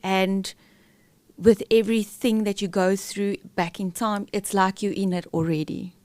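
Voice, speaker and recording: A woman's voice: mid-range voice, steady tone, unhurried, darkish tone, dry recording. A middle-aged woman, a podcast guest, telling a candid, emotional personal story with many fillers and restarts.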